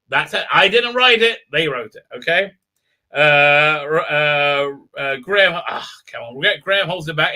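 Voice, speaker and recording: A man's voice: on the high side, lively intonation, unhurried, pushed and bright. A man hosting a live-stream review, rambling and sarcastic, with many stalls and restarts. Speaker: host and reviewer.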